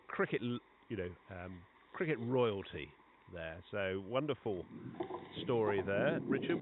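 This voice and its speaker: Man, cricket commentary, low voice, tinny phone-like sound, noisy outdoor ground. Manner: conversational, chatty between balls, rising excitement on big shots. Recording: tinny phone-like line with clear background noise.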